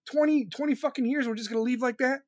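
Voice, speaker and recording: A man's voice: extremely high pitch, quick pace, dry recording. A man in his forties ranting angrily and crudely, repeating himself for emphasis. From United States. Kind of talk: profane ranting monologue.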